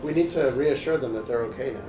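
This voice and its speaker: A man's voice: mid-range voice, quick pace, recorded from a distance. A man playing at a tabletop game, talking easily and chuckling with the group. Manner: easygoing, chuckling table talk. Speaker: player. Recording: echoey room, off mic, music behind.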